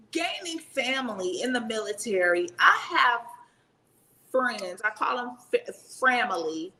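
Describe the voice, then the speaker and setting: A woman in her fifties, a retired Army sergeant major, telling stories in a casual interview, animated and laughing as she talks. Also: on the high side, a little hiss or hum, low-quality recording.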